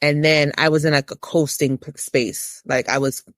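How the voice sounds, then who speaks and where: Woman in her 30s telling her story, gets all preachy and high-pitched, dry close sound. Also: fairly even intonation, moderate pace, no room sound. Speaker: guest. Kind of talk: candid personal testimony.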